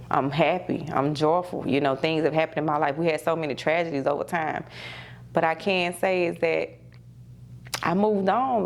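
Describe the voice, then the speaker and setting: A woman therapist, speaking in a low register with a gravelly edge. She talks candidly and conversationally, repeating key phrases for emphasis. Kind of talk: casual talk show advice.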